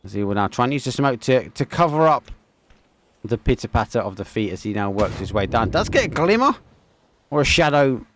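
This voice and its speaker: A gravelly-voiced man with an Essex accent commentates a live esports match. He speaks casually and warmly to his viewers, with a chatty, friendly manner. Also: mid-range voice, big pitch swings, a little fast. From England. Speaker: esports caster. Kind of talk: live game commentary with chat.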